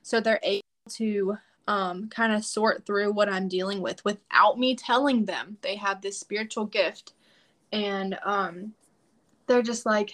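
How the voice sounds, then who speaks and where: A woman's voice: mid-range voice, fairly even intonation, unhurried, a bit bright. A woman guest on a podcast, telling a personal story in a casual, emphatic way and acting out quoted prayers.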